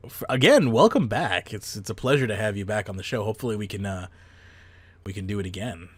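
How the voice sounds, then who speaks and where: A man's voice: lowish voice, animated, fast, husky, no echo. A man hosting a casual podcast, rambling with fillers and the odd swear. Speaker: podcast host. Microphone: close headset mic.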